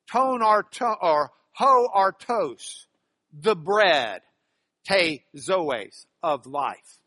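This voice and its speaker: A man teaching a class on biblical Greek grammar, animated and stressing key words by repeating them. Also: high voice, extremely slow, no room sound. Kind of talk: classroom lecture.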